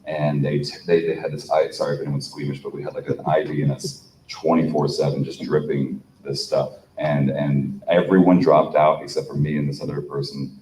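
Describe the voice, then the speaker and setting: Panel guest, man, very low voice, rambling delivery, heard off-mic in an echoey room. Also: flat delivery, fairly quick, a little mellow, distant mic, a little hiss or hum. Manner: rambling, many fillers and restarts. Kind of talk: casual storytelling on a convention panel.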